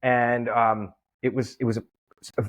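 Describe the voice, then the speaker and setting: A guest comedian and promoter tells a story in a casual interview, animatedly acting out the voices of the people in it. His medium-pitched voice moves at a measured pace.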